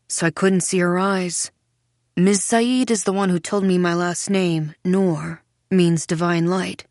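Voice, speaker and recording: Audiobook narrator, woman; low, measured, dry booth sound. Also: dry recording. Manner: measured storytelling. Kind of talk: first-person audiobook narration.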